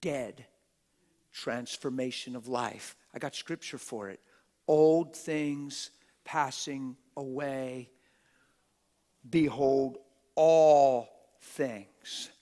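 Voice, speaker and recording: A middle-aged man preaching a sermon in a church auditorium on a stage microphone, talking plainly and swinging from hushed whispers to loud shouts. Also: mid-range voice. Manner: plain-spoken, street-style talk.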